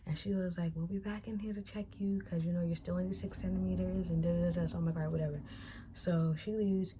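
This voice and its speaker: This fast-talking young woman, a vlogger with a lowish voice, spins a chatty, casual storytime. She's a young adult, and her animated retelling acts out each bit of quoted dialogue.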